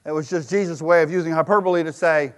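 A man preaching a sermon as a pastor, telling a story emphatically and dropping to a hush for effect. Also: a little high, steady tone, fast, clear, resonant tone. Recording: long hall reverb.

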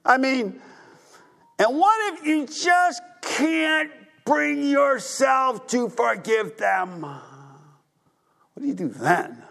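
A male pastor preaching a sermon, retelling a story with lively emphasis and acted-out dialogue. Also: extremely high pitch, very slow, vocal fry, long pauses. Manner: animated, acts out characters' voices.

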